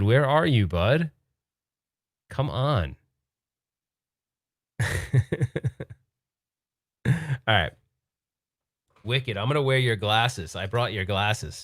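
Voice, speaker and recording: A man's voice: mid-range voice, no room sound, studio quality. A man hosting a late-night livestream from home, chatting casually, joking and laughing while trying to keep his voice down. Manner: laughing, joking, excitable but hushed. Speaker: livestream host.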